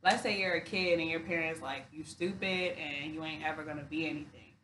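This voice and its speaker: A woman's voice: low-pitched, fairly even intonation, a little fast, fairly bright tone. A young woman talking as a podcast guest in casual chat, blunt and emphatic, swearing now and then. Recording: echoey room, mic at a distance, faint hiss.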